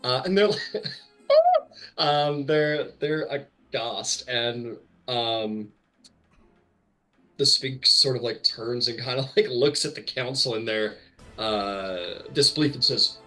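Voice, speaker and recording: A man's voice: medium pitch, sing-song, slow, sharp tone, faint music behind, low-quality recording. A man narrating as game master of a tabletop game in a casual, rambling way. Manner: casual, many fillers and restarts.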